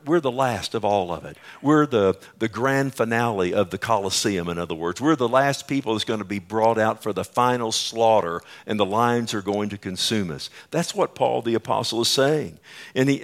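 Male preacher, mid-pitched voice, unhurried delivery, explains scripture in plain talk. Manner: paraphrases scripture in plain everyday terms. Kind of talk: sermon.

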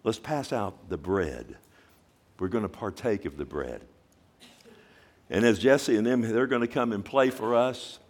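Male pastor mid-sermon, emphatic, swinging from loud bursts to hushed emphasis, calls for "amen". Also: fairly low pitch, lively intonation, unhurried, long pauses. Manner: emphatic preaching with call-and-response questions. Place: church service.

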